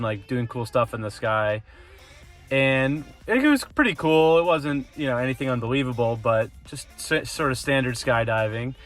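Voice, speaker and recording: A man's voice: medium pitch, a bit bright. Chatty young man telling a story. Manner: loose and chatty, many fillers, occasional swearing. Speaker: brother sending a video message. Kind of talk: casual storytelling.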